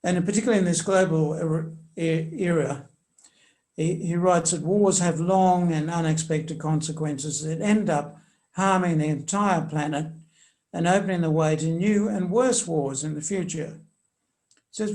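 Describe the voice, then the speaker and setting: An older man answering interview questions in a measured, hesitant way with many fillers, reading quoted passages aloud with emphasis. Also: high voice, a little mellow. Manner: reads quotations aloud with emphasis. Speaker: commentator on church social teaching.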